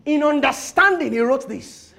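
A man preaching with a very high, gravelly voice that rides up and down with great animation. He drops to quiet murmurs one moment and breaks into impassioned shouts the next as he reads and explains scripture. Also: lively intonation, moderate pace. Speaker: pastor. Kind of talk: sermon.

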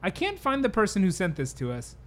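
A man's voice: high-pitched, huge pitch swings, a little fast, a bit bright. A man co-hosting a podcast, chatting casually and trading jokes with his partner. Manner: jokey, playful banter. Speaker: podcast co-host. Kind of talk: casual chat.

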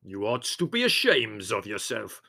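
A man voicing a gruff, blustering man who speaks loud broken English and scolds with drawn-out words. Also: mid-range voice, sing-song, voice pushed up, full character voice. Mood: scolding.

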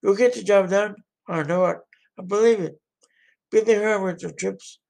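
A man's voice: sits high, steady tone, moderate pace, creaky, darkish tone. A man playing an encouraging wartime president. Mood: rousing. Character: encouraging male US president addressing a soldier. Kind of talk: amateur solo role-play.

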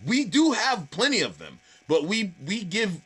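Boston-accented male comic, chatty storyteller, bright and slightly high voice. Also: sing-song, measured pace, husky. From Boston area. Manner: swearing, storytelling, acts out quoted voices. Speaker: stand-up comedian, guest. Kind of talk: casual podcast chat.

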